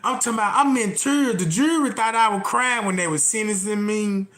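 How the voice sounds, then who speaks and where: A man ranting comically to his live chat, telling a rambling, profane story full of repeated asides and swinging between loud outbursts and low mutters. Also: brisk. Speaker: livestream host. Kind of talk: comedic rant to a live chat. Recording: roomy echo.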